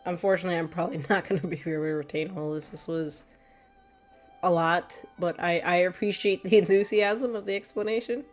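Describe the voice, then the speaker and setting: A woman's voice: fairly low pitch, fairly even intonation, fairly quick, soft background music. A woman streamer in casual, rambling chat with her viewers, a little stuffy from allergies and laughing often. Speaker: gaming streamer.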